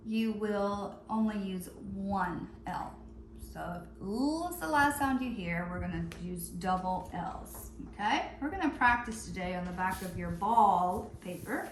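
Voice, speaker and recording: A woman teacher leading a phonics lesson for young children, calling out words slowly and stretching out the sounds. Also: medium pitch, roomy sound, slight background noise. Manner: slow, drawn-out word calling.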